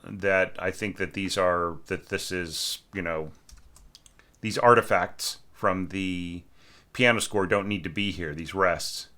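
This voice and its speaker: A man with a low voice that still sounds forceful and bright, giving a casual critique of a student's orchestral score. He thinks aloud with plenty of fillers and sings rhythm patterns as nonsense syllables to make his point. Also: fairly even intonation, slow pace.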